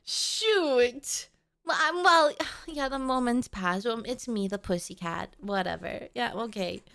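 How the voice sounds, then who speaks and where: A woman's voice: fairly high pitch, lively intonation, slow, vocal fry, fairly bright tone. A woman streamer chatting casually with her live chat, playful and melodramatic, often pleading with viewers.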